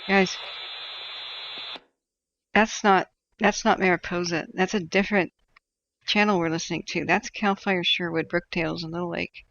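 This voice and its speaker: A woman's voice: lowish voice, fairly even intonation, moderate pace, creaky, long pauses, fairly bright tone, dull audio. A woman from the Pacific Northwest hosting a casual livestream, chatting, laughing often and reading viewer messages aloud. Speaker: livestream host tracking wildfires.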